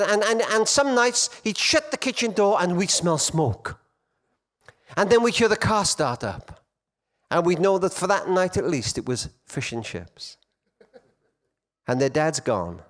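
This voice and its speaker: A middle-aged man telling stories to an audience of men at a conference, swinging between loud emphasis and hushed quiet. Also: on the high side. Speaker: conference speaker. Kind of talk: storytelling talk to men.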